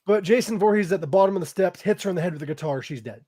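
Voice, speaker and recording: Higher-voiced man casually recapping a movie. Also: very fast, mellow. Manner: loose, profane retelling with frequent fillers and laughs. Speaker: podcast host.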